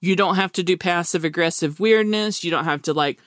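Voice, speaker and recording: Animated, laughing woman podcast co-host. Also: on the low side, a little fast, no echo, studio quality. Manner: animated storyteller, laughs often. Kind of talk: casual chat.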